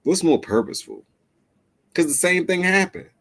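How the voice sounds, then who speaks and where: A man hosting a reaction show, giving animated, slangy advice straight to his male viewers. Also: high voice, normal speed. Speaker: host reacting to a clip. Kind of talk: commentary to camera.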